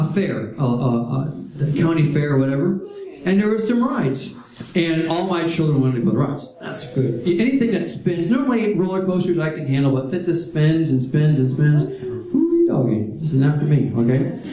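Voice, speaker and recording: A man's voice: a little high, dark tone. A man preaching a sermon, telling stories with humorous asides. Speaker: pastor. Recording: echoey hall with audience.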